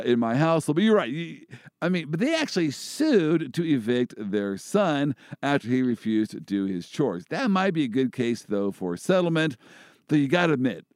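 Animated joking man, dry sound. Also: medium pitch, no echo. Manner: joking, animated, many restarts. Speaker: host and First Amendment lawyer. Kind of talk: casual podcast chat about legal cases.

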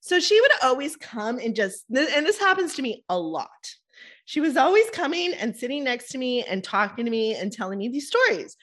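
Woman podcast host, lively storyteller, slightly high pitch. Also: brisk. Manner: animated storyteller, laughs often, many fillers. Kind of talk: casual chat.

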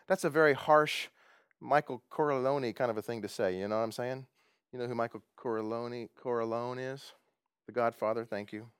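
A man's voice: medium pitch, moderate pace, clear, resonant tone, no room sound, clean studio sound. A man preaching a conversational sermon who chuckles often and asks his listeners questions. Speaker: pastor.

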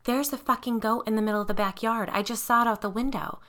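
A woman's voice: a little high, steady tone, quick pace, a bit bright, pitched above the performer's own voice, natural voice. A woman voicing a startled young woman who reports something urgently.

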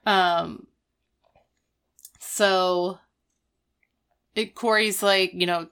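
A woman on a casual podcast recapping a show's emotional scenes. Her voice is a little low yet bright, smooth and crisp. She quotes the characters earnestly, clearly moved by the story. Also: fairly even intonation, slow pace, pauses often. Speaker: podcast co-host. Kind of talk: casual chat.

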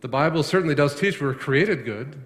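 A pastor preaching a sermon, asking his congregation questions and rising sharply in pitch to stress a point. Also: animated, normal speed. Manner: asks the congregation questions, rises sharply on emphasis. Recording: long reverb of a hall.

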